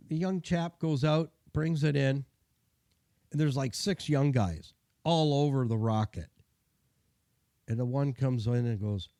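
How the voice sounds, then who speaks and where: A man's voice: medium pitch, unhurried, long pauses, mellow, no echo, studio quality. A middle-aged man, a mechanic telling a chatty, self-deprecating story and giving car care tips. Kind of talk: casual storytelling and advice.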